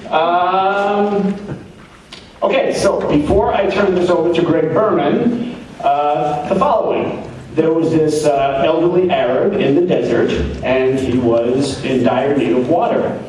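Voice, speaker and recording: A man's voice: a little high, slow pace, darkish tone. A man working as emcee at a live comedy show, telling a joke in a rambling way, repeating words as he goes. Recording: echoey live room, mic at a distance, faint noise.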